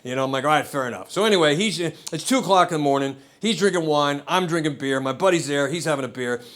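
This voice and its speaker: A man performs stand-up on a club stage, speaking into a handheld mic. His voice sits a little higher than most men's. He rambles through a profane story and chuckles between his lines. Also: quick pace, a bit bright. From United States. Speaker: stand-up comedian. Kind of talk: stand-up comedy set.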